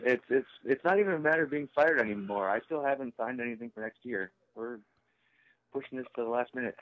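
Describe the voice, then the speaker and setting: A man's voice: medium pitch, fast talker. A man on a phone call, talking hesitantly and dryly, with an easygoing manner. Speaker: caller. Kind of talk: casual phone conversation.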